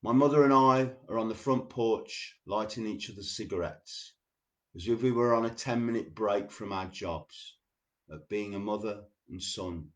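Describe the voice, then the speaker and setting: A man hosting a show, reading poems slowly and deliberately and chatting loosely between them. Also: fairly low pitch. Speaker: radio show host. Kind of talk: poetry reading with casual asides.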